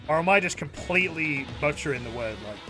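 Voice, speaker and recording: A man's voice: a little high, lively intonation, quick pace. Chatty man streaming over game music. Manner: rambling, self-mocking, loud bursts of mock indignation. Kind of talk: casual gaming stream chat.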